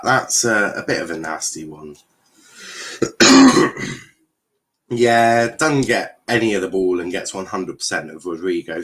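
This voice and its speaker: A man's voice: fairly low pitch, fairly bright tone. A man hosting a live football watchalong, commentating casually with jokes, swearing and lots of fillers. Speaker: host.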